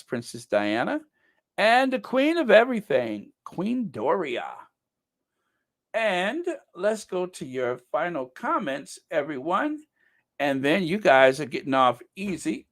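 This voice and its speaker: A middle-aged man chatting slowly and easily with his viewers, his voice rising and falling freely as he jokes about himself. He slips into playful mock outrage, then settles back into a relaxed conversational tone. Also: fairly high pitch. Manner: joking, self-mocking, mock-indignant outbursts. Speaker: channel host. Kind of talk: casual livestream chat reading comments.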